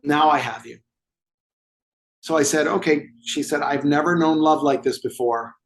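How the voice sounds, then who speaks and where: A man's voice: a little high, moderate pace. A man telling a client story as a guest in an interview, acting out the dialogue with animation. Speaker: movement therapy expert guest.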